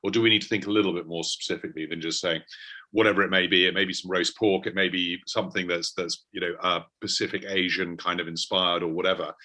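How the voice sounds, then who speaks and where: A man hosting and moderating a panel, asking quick questions and reading out viewer comments. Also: low voice, flat delivery, sharp tone. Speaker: host, magazine editor.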